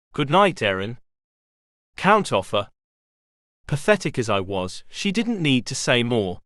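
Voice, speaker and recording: A man narrating a romance audiobook in first person, giving an expressive scripted reading. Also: medium pitch, no echo, studio quality.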